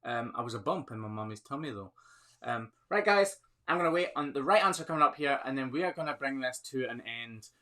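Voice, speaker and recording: Scottish man, chatty live stream host, bright forceful voice, phone mic. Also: mid-range voice, expressive, brisk. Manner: chatty, upbeat, laughs often. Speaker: livestream host, hoof trimmer. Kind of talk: live Q&A chat reading viewer comments.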